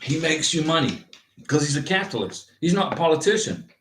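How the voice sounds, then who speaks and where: High-voiced guy rambling through viewer comments, sits back from the mic. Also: fairly quick, distant mic. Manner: rambling, animated, with restarts and chuckles. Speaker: livestream host answering viewer comments. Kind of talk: casual livestream chat. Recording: roomy echo, from off the mic.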